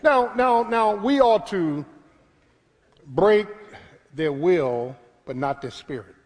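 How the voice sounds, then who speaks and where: Middle-aged male pastor from Philadelphia, high lively voice, shouting sermon in a reverberant church. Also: takes it slowly. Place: church sanctuary.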